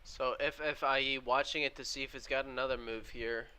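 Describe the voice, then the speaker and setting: A man's voice: mid-range voice, fairly even intonation, brisk, bright, forceful tone, clean tone. A man casually walking viewers through his trades on a live stream and answering chat. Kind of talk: live trading stream commentary.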